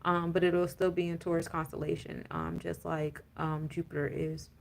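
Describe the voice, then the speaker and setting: A woman's voice: sits low, flat delivery, normal speed, creaky. A woman giving a casual, rambling astrology and tarot talk, full of fillers and laughing rants. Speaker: spiritual coach and tarot reader.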